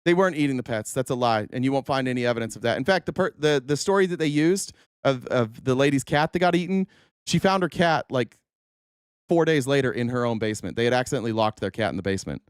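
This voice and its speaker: A man hosting a livestream of political commentary, ranting in a profane, animated way. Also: medium pitch, fast talker, clean tone, dry recording, studio quality. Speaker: host.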